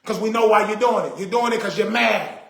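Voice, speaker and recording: High-voiced man ranting on a livestream. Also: fairly quick, vocal fry, reverberant. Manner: emphatic, repetitive, indignant. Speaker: livestream host. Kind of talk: casual livestream chat.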